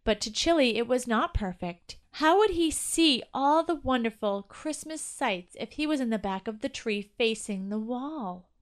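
A woman's voice: a little high, lively intonation, a little slow, few pauses. A woman narrating a children's Christmas story aloud.

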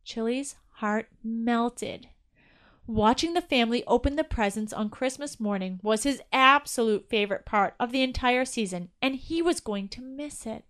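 A woman's voice: fairly high pitch, normal speed, few pauses, a bit bright. A woman narrating a children's Christmas story aloud.

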